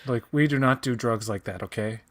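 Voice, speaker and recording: A man's voice: medium pitch, a little fast, a bit bright. A man co-hosting a casual show commentary, trading dry jokes and mock complaints with his partner. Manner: dry jokey banter, mock grumbling. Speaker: co-host of a watch-along commentary.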